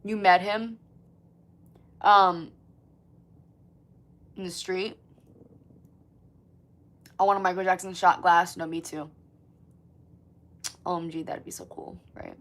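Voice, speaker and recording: A woman's voice: lowish voice, takes it slowly, long pauses. Chatty swearing woman in her twenties. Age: 20s. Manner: chatty, swears often, lots of "like", animated. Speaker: livestream host. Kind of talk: casual livestream chat reading comments.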